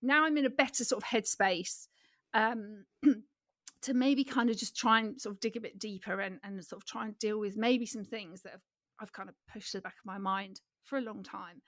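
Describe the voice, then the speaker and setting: A woman's voice: mid-range voice, fairly even intonation, normal speed, fairly bright tone, dry recording. Chatty woman co-hosting, dry sound. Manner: chatty, reflective, hedging with fillers. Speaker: podcast co-host. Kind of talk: casual chat.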